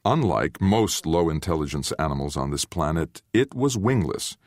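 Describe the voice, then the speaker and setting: A man reading a novel aloud as its narrator, in a measured, storytelling way. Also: very deep voice, no echo, studio quality. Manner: measured storytelling with expressive, varied intonation. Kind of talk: audiobook narration.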